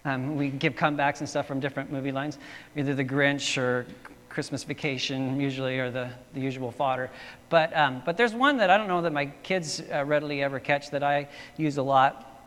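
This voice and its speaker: A man's voice: medium pitch, fairly even intonation, brisk, fairly bright tone, in a large hall. A man preaching a sermon as pastor, telling stories in a casual way with many fillers and restarts.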